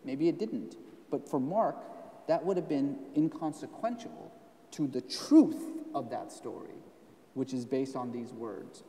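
A man's voice: mid-range voice, expressive, a little slow, dark tone. A man, an author and scholar, explaining at length in a live onstage conversation, with emphatic stresses. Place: event stage in a hall. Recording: roomy hall, voice from a distance.

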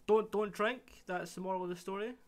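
A man hosting a casual gaming stream, laughing along, calming his friend down and thanking viewers. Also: high-pitched, a little fast, a little hiss or hum. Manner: laughing, placating, talks to viewers. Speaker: streamer host.

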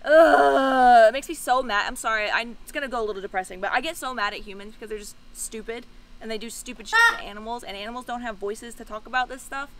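A woman's voice: on the high side, fast, noisy background. A woman guest at an outdoor animal enclosure, speaking in an earnest, impassioned way. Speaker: visiting guest. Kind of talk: casual chat.

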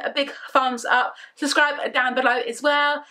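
A young woman vlogging casually from her bedroom, rambling through an excited story. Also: high voice, measured pace, hardly any pauses. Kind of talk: casual chatty vlog.

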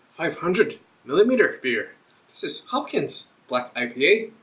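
Bright-voiced man rambling through a review. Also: on the high side, big pitch swings, a little slow. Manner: rambling, thinks aloud while reading a label. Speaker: beer reviewer host. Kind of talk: casual vlog review.

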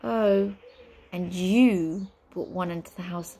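A woman voicing a sly, smug witch in a storybook reading, with a slow, teasing delivery. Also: on the low side, warm tone, a little hiss or hum. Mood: gleeful. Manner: cool, drawn-out, teasing delivery.

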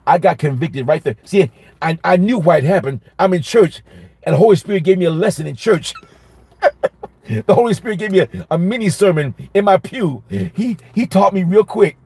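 A man teaching a Bible study as a minister, telling a personal story in a lively sermon style and repeating each phrase for emphasis. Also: high-pitched, moderate pace, husky, no room sound.

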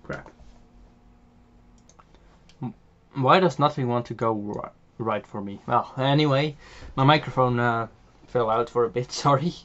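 A man's voice: mid-range voice, unhurried, a bit bright, dull audio. A man with a Dutch accent giving casual, hesitant commentary on a farming game, voiced after the recording, with many filler sounds and restarts. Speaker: game channel host.

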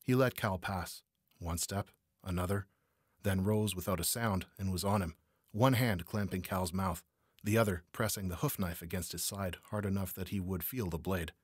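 A man narrating a noir crime story as an audiobook reader, measured and steady. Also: low-pitched, breathy edge, no echo, clean studio sound.

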